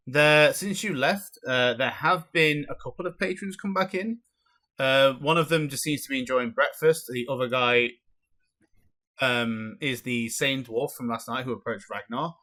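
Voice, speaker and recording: A man narrating as dungeon master in a casual, halting way, with many ums and uhs. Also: mid-range voice, pushed and bright. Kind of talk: narrating a tabletop game.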